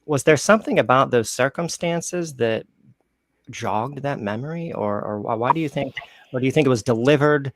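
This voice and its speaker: Podcast host guy, long rambly questions, mid pitch, dry close sound. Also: moderate pace, no echo. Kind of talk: podcast interview.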